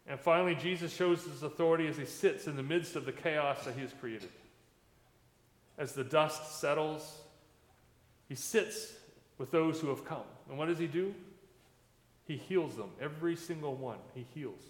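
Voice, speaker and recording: A man's voice: a little high, normal speed. A man, a pastor, giving a sermon in a conversational preaching manner, recorded in a church sanctuary. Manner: conversational preaching with plain everyday comparisons. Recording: echoey church hall with long reverb.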